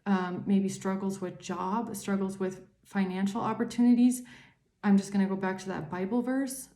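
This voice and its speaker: A woman's voice: mid-range voice, dark tone, echoey room. Swearing, ranting woman tarot reader. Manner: angry ranting, heavy swearing. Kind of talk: tarot reading to camera.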